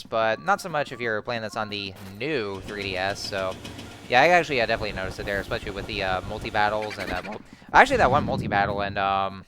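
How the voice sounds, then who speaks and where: A young man chatting over his gameplay in a loose, rambling way, with bursts of excitement. His voice is bright and forceful at an average pitch, and faint game music plays beneath it. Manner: rambling, many fillers and restarts, excitable outbursts. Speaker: let's play host. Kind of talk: casual gameplay commentary.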